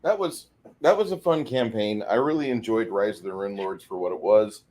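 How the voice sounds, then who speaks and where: A man's voice: lowish voice, moderate pace, darkish tone. A man who runs tabletop games, chatting casually and eagerly about his campaigns. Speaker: dungeon master. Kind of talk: casual gaming chat.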